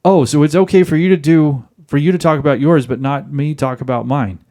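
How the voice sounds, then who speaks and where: A man's voice: medium pitch, fairly even intonation, normal speed, gravelly, close to an everyday voice. A man voicing a combative wife who answers with sarcastic, indignant retorts.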